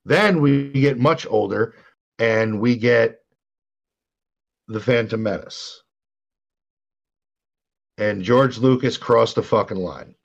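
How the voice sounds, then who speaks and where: A man's voice: medium pitch, slow pace, vocal fry, pauses often, highs cut off. An older man co-hosting a podcast, ranting in a profane, exasperated way. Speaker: podcast co-host. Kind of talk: casual podcast rant.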